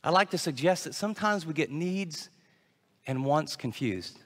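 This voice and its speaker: A man's voice: a little high, expressive, moderate pace, in a large hall. A man preaching a sermon, acting out his listeners' doubts in quoted asides. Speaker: pastor.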